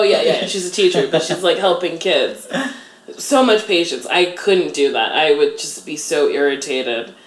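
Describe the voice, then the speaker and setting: A woman in her thirties chatting casually in an interview, self-deprecating and filling her talk with "like". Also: fairly low pitch. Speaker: interview guest. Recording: echoey room.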